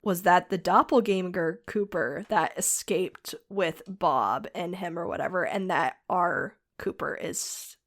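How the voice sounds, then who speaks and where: A woman's voice: on the low side, a bit bright. A woman co-hosting a podcast in casual chat, recapping scenes and agreeing readily with her partner. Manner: chatty, quick to agree and recap. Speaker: podcast co-host.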